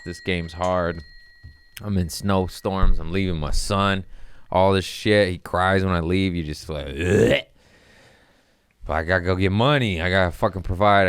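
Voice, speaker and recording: Deep-voiced dude rambling and cussing thru a story, smooth tone, laid back. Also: male voice, no room sound, clean studio sound. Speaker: stand-up comedian hosting his own show. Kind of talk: casual storytelling chat.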